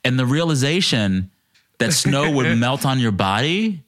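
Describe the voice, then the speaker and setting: A man in his thirties, from Texas, telling animated stories in a casual podcast chat and jumping into high voices for the people he quotes. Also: measured pace. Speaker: podcast guest.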